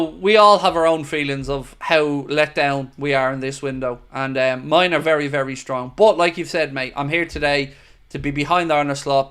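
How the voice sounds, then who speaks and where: Guy hosting a footy fan stream, fairly high voice, opinionated, keeps saying mate to viewers. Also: a bit bright, clean tone. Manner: opinionated, earnest, talks straight to viewers with "mate". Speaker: host of a football fan watchalong livestream. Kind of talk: casual livestream chat, reading viewer comments.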